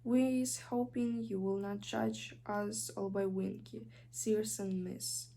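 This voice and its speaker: A woman with a Ukrainian accent voicing an ashamed, bowing male kitchen house-elf, squeaky and apologetic. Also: little pitch movement, takes it slowly, gravelly, dark tone, a little hiss or hum.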